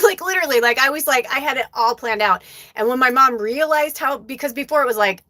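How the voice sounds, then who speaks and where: Woman medium chatting live, swears a lot, animated storyteller, dry close sound. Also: medium pitch, no echo. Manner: candid, profane, animated storytelling. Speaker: psychic medium hosting a live show. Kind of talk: casual livestream talk.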